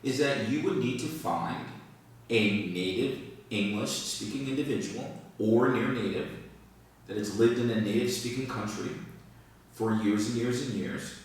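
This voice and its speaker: A man with a lowish voice teaches English at an unhurried, careful pace. He stresses and repeats key words as he explains. He sounds set back from the mic in a very echoey room. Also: far from the mic. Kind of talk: video lesson.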